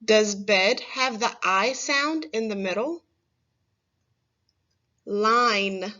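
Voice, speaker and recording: Woman, primary teacher, fairly high voice, slow careful delivery, dull lo-fi recording. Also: expressive, a bit bright. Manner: slow, clear, stressing single words for children to repeat. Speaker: first grade teacher. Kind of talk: phonics lesson for young children.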